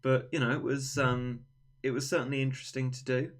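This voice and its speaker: A man's voice: medium pitch, level tone, a little fast. A young man hosting a livestream, chatting casually in a rambling, self-mocking way. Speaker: livestream host. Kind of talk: casual chat on a stream.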